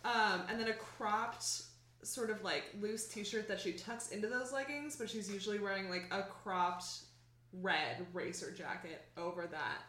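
A woman player describing her character in a relaxed way, with many "um" and "like". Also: mid-range voice, a little slow. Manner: relaxed, filler-heavy. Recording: echoey garage.

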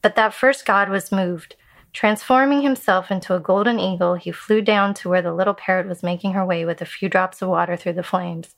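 A woman narrates a Buddhist fable in a calm storytelling voice. Her delivery is measured, easing the pace to dwell on vivid moments. Her pitch sits in a middle register. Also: creaky.

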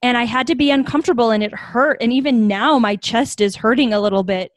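Earnest woman telling a story, higher voice. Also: fast talker, dry recording. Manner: earnest, reflective, animated when quoting others. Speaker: guest, nonprofit founder. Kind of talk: storytelling in a podcast interview.

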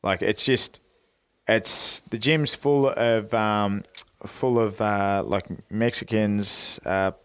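A man's voice: fairly low pitch, fairly even intonation, slow, fairly bright tone, clean tone, no echo. A young Australian man with an Australian accent, a guest telling stories in a laid-back, casual way and swearing freely. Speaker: guest, professional boxer. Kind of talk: casual storytelling on a podcast.

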